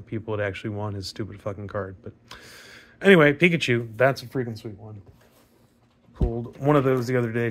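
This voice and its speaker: A man with a raspy voice, chatting casually and rambling with fillers and mild swearing while opening trading card packs. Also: on the low side, slight background noise. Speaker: card pack opening vlogger. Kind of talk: casual pack opening commentary.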